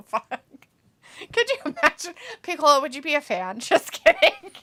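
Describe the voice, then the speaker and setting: A woman's voice: high-pitched, big pitch swings, moderate pace, bright, forceful tone. A woman co-hosting a wrestling watch-along stream, reading viewers' chat comments aloud and laughing often. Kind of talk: casual live stream chat.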